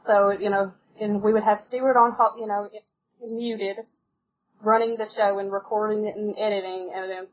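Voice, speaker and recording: A woman's voice: medium pitch, level tone, moderate pace, muffled recording. A woman from the United States, telling stories as a podcast guest in a casual, chatty way and laughing often. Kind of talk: casual interview chat.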